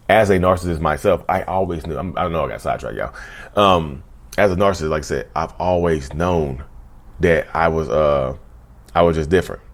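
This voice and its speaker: A man hosting his own channel, talking casually and repetitively to viewers, often saying "y'all". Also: rumbling low. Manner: conversational, repeats himself, often says "y'all". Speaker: channel host. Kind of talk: casual talk to camera.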